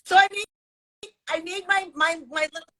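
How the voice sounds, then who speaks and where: A woman hosting a casual interview, telling stories in an animated way and repeating words as she goes. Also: very high voice, normal speed, crowd noise. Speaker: host.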